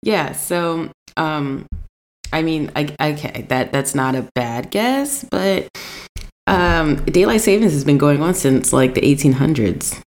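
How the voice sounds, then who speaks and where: Low-voiced woman, animated casual storyteller. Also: slow pace. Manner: animated storytelling, jumps high when quoting herself; profane, laughs often. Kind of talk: casual chat.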